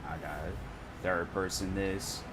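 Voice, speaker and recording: A man's voice: deep voice, fairly even intonation, a little slow, heavy background noise. Laid-back young man chatting while gaming. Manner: rambling, laid-back slang. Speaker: streamer. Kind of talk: casual chat while gaming.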